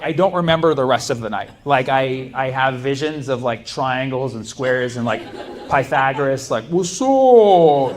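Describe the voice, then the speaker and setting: A man's voice: medium pitch, noisy background. A man performing a stand-up comedy set, telling stories animatedly and laughing often. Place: comedy club stage.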